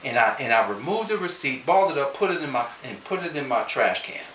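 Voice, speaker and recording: Telling a personal story to an audience, a motivational speaker keeps things lively and conversational, often putting questions straight to his listeners. His bright, medium-pitched voice rises and falls a lot, and he talks fast. He sits far from the mic in a roomy, echoing space over a faint hiss.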